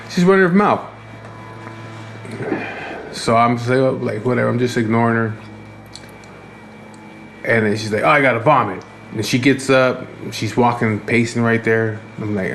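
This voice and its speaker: In a mid-range voice over a little hiss or hum, a vlogger gives a casual, profane, wandering account of his day. He's tired and fed up and often restarts his sentences.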